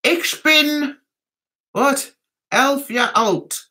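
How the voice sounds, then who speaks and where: A woman's voice: high voice, very slow, sharp tone. A woman from England hosting a casual livestream chat, reading out viewer comments and giggling often. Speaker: livestream host.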